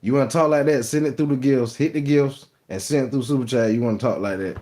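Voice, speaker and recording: A man's voice: mid-range voice, fast talker, warm tone. Man chatting loosely to a stream chat. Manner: loose, repetitive, addresses chat as "gang"; playful teasing of commenters. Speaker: livestream host. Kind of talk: casual live-stream chat with viewers. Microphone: phone.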